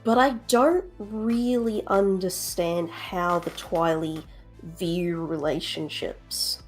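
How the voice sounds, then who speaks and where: A woman's voice: lowish voice, steady tone, slow pace, faint music behind. A woman chatting casually as a stream guest, thoughtful and drawing out her phrases. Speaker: co-host guest.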